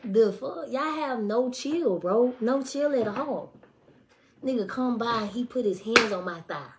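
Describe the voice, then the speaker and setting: A woman in her twenties telling stories on a casual livestream, blunt and profane. She swings between hushed asides and loud, animated outbursts. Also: on the high side, measured pace, background noise. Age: 20s. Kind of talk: casual storytelling to a live audience.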